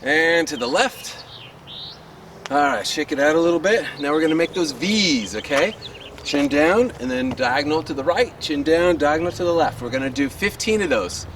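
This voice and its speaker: An upbeat young man leads a sword class outdoors, counting out reps and encouraging his students while a little out of breath. His voice sits a bit high and comes from a distance over steady neighborhood noise. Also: normal speed. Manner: upbeat and encouraging, chatty with fillers. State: a little winded. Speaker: sword fighting coach. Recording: distant mic with loud street noise.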